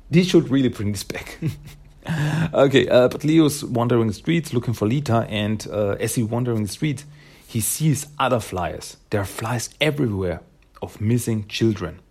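A man's voice: lowish voice, slightly rough. A man casually reviewing a comic, rambling, with frequent hesitations. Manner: rambling, with frequent fillers and laughs.

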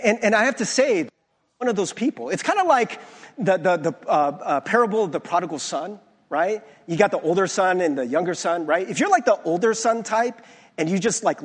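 Man preaching, husky voice, high lively pitch, long church reverb. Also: brisk. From United States. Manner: conversational, animated, many restarts and "like". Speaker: pastor. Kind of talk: sermon with personal stories. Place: church sanctuary.

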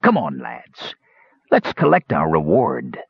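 A man's voice: extremely low pitch, wildly swooping pitch, takes it slowly, vocal fry, husky, dry recording, muffled recording, pitched below the performer's own voice, heavily acted. A man voicing a cruel, greedy bandit leader who talks in a coarse, threatening way. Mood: menacing.

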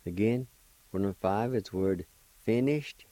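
A man hosting a radio language lesson, spelling and pronouncing each word slowly and patiently, repeating it several times. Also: lowish voice, dark tone, dry recording, rough recording. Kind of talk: slow spelling and pronunciation lesson.

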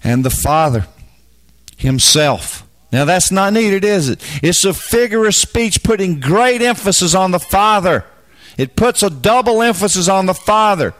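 A man preaching a Bible teaching, folksy and emphatic, dropping into quiet asides and then rising to loud, fervent bursts. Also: high voice, lively intonation, normal speed.

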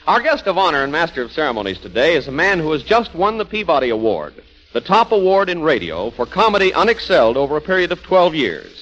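A man working as a 1940s radio announcer, giving formal, booming introductions. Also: very animated, fast, fairly bright tone. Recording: dull 1940s radio broadcast with faint music.

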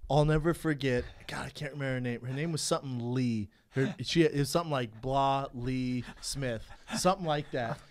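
A man's voice: medium pitch, normal speed, few pauses. A man chatting casually, giggling his way through funny stories. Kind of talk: casual chat.

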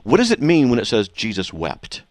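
A man's voice: mid-range voice, wildly swooping pitch, normal speed, dry recording. A man hosting a call-in radio debate who presses a caller with repeated questions and cuts in often. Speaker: radio host.

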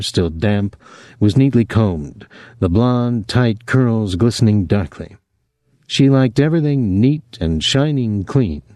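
A man narrating a novel in a measured, even manner. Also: on the low side, no echo, clean studio sound. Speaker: audiobook narrator.

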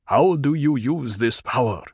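A man voicing a stern male desert tribal leader in an audiobook reading, speaking in a formal, measured way. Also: medium pitch, animated, slightly rough, dry recording, clean studio sound.

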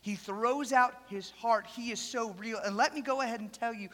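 A preacher delivering a sermon to a church, telling stories with dramatic swings between loud and soft. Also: mid-range voice, normal speed, big-room sound. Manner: animated storytelling with dramatic swings in loudness.

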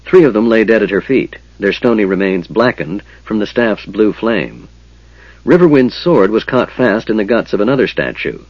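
A man narrating a fantasy audiobook in a steady, measured storytelling manner. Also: lowish voice, slightly rough, no echo, muffled recording.

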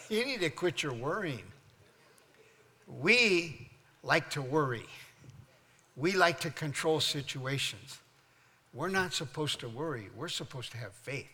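An older man delivers a sermon from the pulpit, mixing playful storytelling with rising, emphatic preaching. His voice is bright and forceful and sits fairly high. A long reverb trails his words through a large church hall. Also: animated, unhurried, pauses often. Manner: humorous storytelling, building to loud preaching. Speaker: pastor.

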